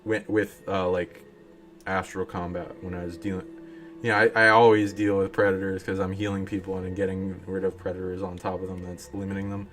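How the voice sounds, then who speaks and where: A man's voice: sits low, flat delivery, fairly quick, a bit bright. A man chatting casually on a live stream in a rambling way, with lots of hesitations. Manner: rambling, many fillers and restarts. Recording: music playing behind the voice.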